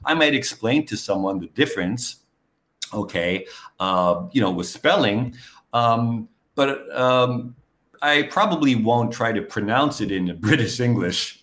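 A man's voice: medium pitch, lively intonation, a little slow, a bit bright. A middle-aged man from New York, a guest and English teacher, talking casually in an interview with lots of fillers like "okay" and "you know". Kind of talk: conversational interview.

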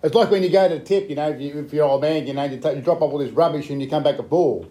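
Co-host: man, fast, mellow tone, chatty asides. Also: on the high side. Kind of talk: casual chat.

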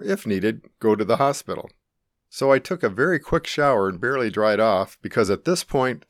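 A middle-aged man calmly and earnestly narrating his own life-or-death experience in the first person. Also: fairly low pitch, no echo, clean studio sound. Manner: calm, earnest, reflective.

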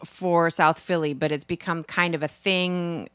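A woman's voice: on the low side, fairly even intonation, a little slow, fairly bright tone, clear, resonant tone, dry recording. A woman co-hosting a podcast, explaining her opinions in casual chat.

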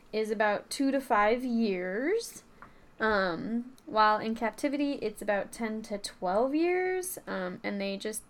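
A woman co-hosting a podcast, chatting playfully and casually with filler words. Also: a little high. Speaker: podcast co-host. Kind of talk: casual chat.

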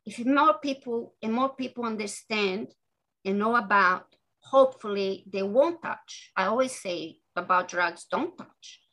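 A woman author being interviewed, talking in an earnest, halting way with many restarts. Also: medium pitch, pushed and bright, poor audio. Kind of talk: interview guest.

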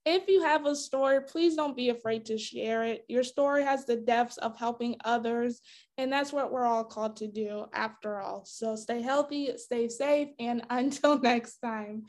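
A woman's voice: a little high, unhurried. A woman hosting a podcast, emotional and laughing as she signs off to her listeners. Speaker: podcast host. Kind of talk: podcast sign-off.

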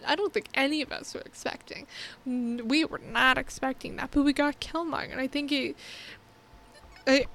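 A woman with a high voice talks through a film in a casual review vlog. She is earnest and heartfelt, rambling and restarting her thoughts as she goes. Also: fairly bright tone. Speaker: movie reviewer.

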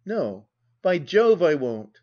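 A dissolute husband blusters and sneers, as a man voices him in a reading. He mocks with careless insolence. The voice sits slightly high and the recording is dull and lo-fi. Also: animated, normal speed, darkish tone, close to an everyday voice. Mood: insolent. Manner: blustering, mocking.

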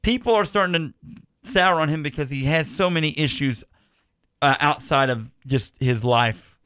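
A man's voice: fairly high pitch, normal speed, a bit bright, smooth, no room sound, clean studio sound. A man hosting a podcast in casual chat, rambling with restarts and side jokes. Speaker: podcast host.

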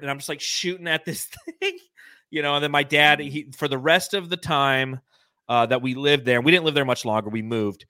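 Bright-voiced man telling stories on a podcast. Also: a little high, fairly quick, dry recording. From California. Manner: storytelling, laughing often, animated. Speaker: podcast co-host. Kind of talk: casual sports podcast chat.

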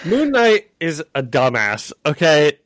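A man with a somewhat high voice giving blunt, opinionated takes in a casual comics podcast. He laughs easily as he talks. The sound is close and dry. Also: wildly swooping pitch, takes it slowly, fairly bright tone, dry recording. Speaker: podcast co-host. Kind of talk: casual comic book chat.

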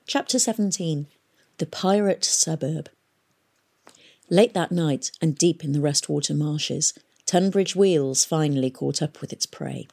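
A woman reading a novel aloud in a steady, measured storytelling voice. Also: low-pitched, gravelly, husky. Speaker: audiobook reader.

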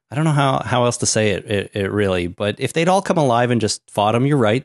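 A man's voice: lowish voice, a little mellow, no room sound, studio quality. A man co-hosting a casual podcast chat, hesitant and repeating words while he searches for them. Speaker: podcast co-host.

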